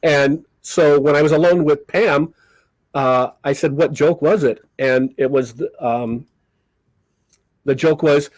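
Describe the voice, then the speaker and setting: A slightly high-voiced older man takes his time as he spins casual tales on a podcast, where he's a guest and a comedy magician. He acts out the people in his stories with lively flair. The recording is dry and the audio poor.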